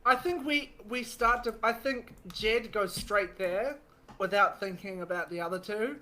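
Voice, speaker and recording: A man's voice: high-pitched, measured pace, pushed and bright, a little hiss or hum. A man playing in a tabletop game, describing what his character does. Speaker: player. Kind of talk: tabletop role-play chat.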